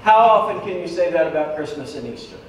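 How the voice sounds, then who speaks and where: A man, a pastor, preaching a sermon in a lively way, breaking off for jokes with the congregation. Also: a little high, quick pace, far from the mic. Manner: lively, joking asides to the congregation. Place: church sanctuary. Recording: echoey church hall, voice from afar, faint noise.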